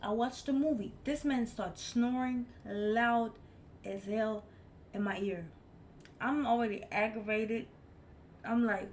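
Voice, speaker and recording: Blunt, animated woman streamer telling stories. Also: fairly high pitch, takes it slowly, slight background noise. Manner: blunt, animated storyteller who swears freely. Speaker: live streamer. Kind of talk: casual story time chat.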